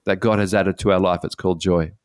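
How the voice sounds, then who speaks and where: A man, a pastor, giving an earnest, animated personal testimony in conversation. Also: low-pitched, fast talker, clean tone, dry recording, studio quality. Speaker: pastor and guest speaker.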